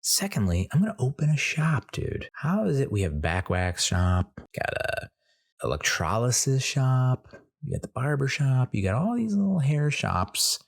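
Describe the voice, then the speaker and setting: A man telling a comedic story in a casual, animated way, swearing freely and acting out the voices of other people. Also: mid-range voice, measured pace, gravelly. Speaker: comedy podcast host.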